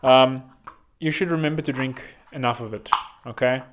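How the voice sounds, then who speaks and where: A man's voice: mid-range voice, fairly even intonation, normal speed, dull audio, heavy background noise. A man hosting a podcast, talking in a rambling, chatty way with joking asides. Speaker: podcast host. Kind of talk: casual podcast monologue.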